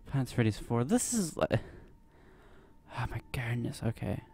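A man's voice: medium pitch, big pitch swings, normal speed, creaky, a little mellow, slightly rough. A young man giving nervous, rambling commentary while playing a horror game, full of fillers. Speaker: gameplay commentator. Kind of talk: let's play commentary.

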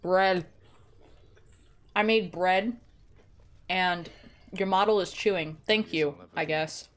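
A woman's voice: on the low side, slow. A woman streamer chatting casually and rambling in a joking, self-deprecating way, close to her microphone at home. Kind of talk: casual gaming stream chat. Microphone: close desk microphone.

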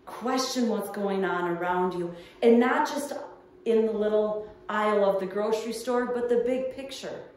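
A woman's voice: medium pitch, moderate pace, a little mellow. Woman preaching in an echoey room. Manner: storytelling, earnest. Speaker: pastor. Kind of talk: sermon. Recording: echoey room heard from far off.

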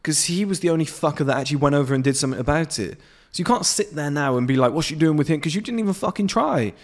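A man's voice: a little high, lively intonation, fast talker. A man in his late twenties, ranting bluntly and profanely to camera outdoors on his patio. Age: 20s. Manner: blunt, profane, swearing freely. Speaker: men's self-improvement vlogger. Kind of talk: unscripted motivational rant to camera.

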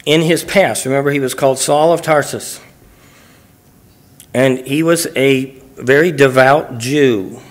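A man's voice: mid-range voice, measured pace. Man teaching the Bible verse by verse. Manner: reads scripture aloud and explains it phrase by phrase; plain, conversational teaching with restarts. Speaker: pastor. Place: church.

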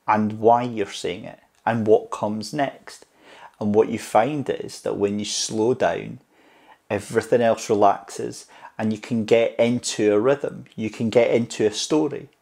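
A man's voice: medium pitch, darkish tone. A man giving casual, encouraging tips on speaking to camera in a vlog. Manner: chatty and encouraging, speeds up and slows down for emphasis. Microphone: clip-on mic on camera tripod.

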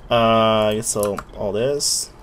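A man's voice: lowish voice, slow pace, fairly bright tone, slight background noise. A man giving casual, muttering commentary while playing a video game, swearing when surprised.

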